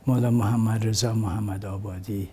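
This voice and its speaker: An older man recalling memories for a gathering in a slow, reflective way, his voice often sinking to a soft, breathy near-whisper. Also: on the low side, steady tone, a little hiss or hum. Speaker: community elder sharing memories. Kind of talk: reminiscing talk to a gathering.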